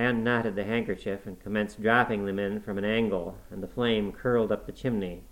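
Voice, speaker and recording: A man with a fairly low voice narrates a classic novel. His reading is measured and expressive, in the manner of an audiobook. He keeps the pace steady through long sentences. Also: rough recording. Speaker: audiobook reader.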